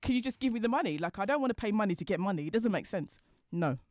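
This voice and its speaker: Brief: woman, quick animated storyteller, mid-pitched voice in a dry room. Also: no room sound. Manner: fast-talking, lively, laughs as she tells stories. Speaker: guest, designer.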